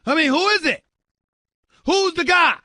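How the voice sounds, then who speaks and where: A man hosting a sports talk show, ranting loudly and emphatically with incredulous exclamations and direct calls to his listeners. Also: very high voice, lively intonation, measured pace, no room sound. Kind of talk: sports radio rant.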